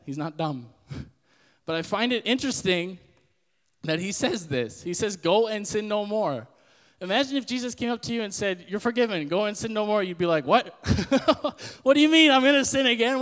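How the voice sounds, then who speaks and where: A young man hosting a podcast, giving a casual sermon-style Bible talk in an animated way and acting out the voices he quotes. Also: high voice, big-room sound. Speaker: podcast host.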